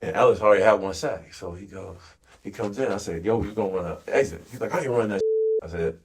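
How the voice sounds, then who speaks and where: A man, a retired football player, telling stories in an animated interview, acting out quotes, swearing freely and laughing as he talks. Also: on the low side, fast talker, slightly rough.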